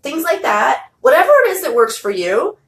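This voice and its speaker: A woman's voice: high-pitched, sing-song, a little fast, a bit bright, reverberant, far from the mic, a little hiss or hum, low-quality recording. A woman guest with a brash, emphatic way of talking, making punchy declarations in a casual interview. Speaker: guest, founder.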